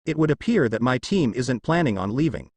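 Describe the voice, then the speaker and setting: A man doing a calm ninja sensei. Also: medium pitch, a little fast, no echo. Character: calm older male ninja teacher.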